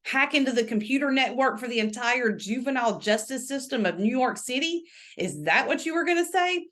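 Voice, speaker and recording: Woman reading as a sarcastic, grumbling male public defender, lively pitch. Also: a little fast.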